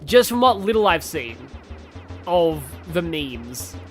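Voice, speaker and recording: A let's play streamer chatting loosely over a game, wandering between topics and reading chat aloud with many ums and likes. The pitch swings lively up and down, with faint game music underneath. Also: slow. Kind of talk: casual let's play commentary. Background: game audio.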